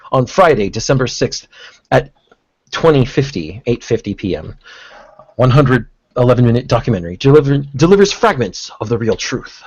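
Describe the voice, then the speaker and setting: A man's voice: mid-range voice, no room sound, dull audio. A man reading an article aloud on a podcast, breaking off for sarcastic comments. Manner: sarcastic, stops to comment and laugh. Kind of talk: reading aloud with mocking asides.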